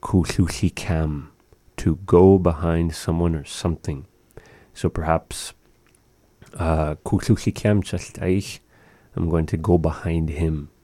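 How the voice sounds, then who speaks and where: Slow, deep-voiced man teaching words. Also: steady tone, dark tone, dry recording. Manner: slow, patient, repeating words for practice. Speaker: language teacher. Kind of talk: language lesson.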